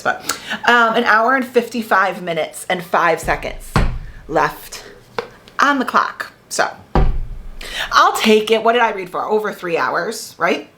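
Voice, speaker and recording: A woman's voice: mid-range voice, a bit bright. A woman in her thirties chatting casually in a reading vlog, with lots of filler words and restarts. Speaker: book vlogger.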